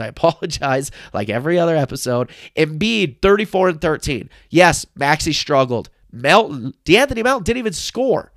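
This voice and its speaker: A young man hosting a solo sports podcast, recapping a game in emphatic, excitable fan talk into a close mic. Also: fairly high pitch, moderate pace, few pauses, no echo. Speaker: podcast host.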